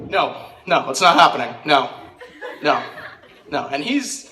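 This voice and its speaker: A teenage boy performing a stand-up comedy routine at a school talent show, telling rambling, self-mocking stories with quick asides. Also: on the high side, sing-song, sharp tone. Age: teens. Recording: echoey hall recording from far off, crowd laughing. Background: audience laughter.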